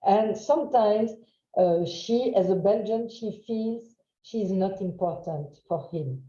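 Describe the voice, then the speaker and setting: A woman with a French accent giving a webinar lecture, halting with many fillers and checking in with "huh?". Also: mid-range voice, mellow. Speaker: webinar trainer. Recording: roomy, dull lo-fi sound.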